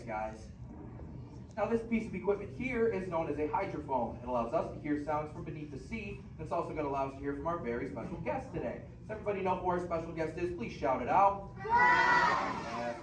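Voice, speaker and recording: A man's voice: fairly high pitch, distant mic. A man working as a theme park cast member, giving a friendly safety briefing to an audience in an indoor theater. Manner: friendly instructive, addresses kids. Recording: echoey theater from afar, noisy.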